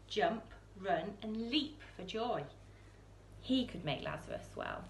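Female storyteller reading a children's book aloud, expressive, low-pitched, roomy church with faint hiss. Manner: expressive, with soaring questions and hushed lines.

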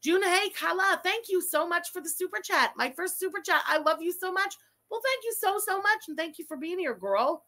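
A woman's voice: extremely high pitch, fairly quick. A young adult woman hosting a casual livestream, reading super chats aloud and ranting with lots of swearing. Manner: profane, animated, ranting.

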